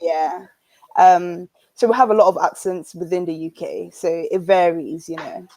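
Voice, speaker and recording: A woman's voice: on the low side, moderate pace, a little mellow, dry recording. A woman with a northern English accent, a guest in a casual interview, chatty and hesitant with lots of fillers. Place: home in London.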